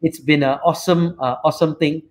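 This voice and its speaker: A man with a Malaysian English accent hosts a casual live chat over a video call, his voice sitting a touch high for a man. He rambles through stories, dotting every thought with "right?" and "you know". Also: fairly even intonation, brisk. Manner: rambling, frequent fillers and "right?" tags. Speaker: show host and company CEO.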